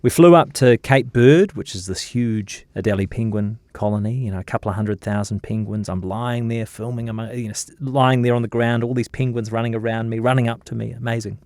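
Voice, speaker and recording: A New Zealand journalist in his thirties, telling lively anecdotes in a casual interview, with plenty of fillers and restarts. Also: medium pitch, fairly quick, hardly any pauses, dry recording. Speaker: journalist guest.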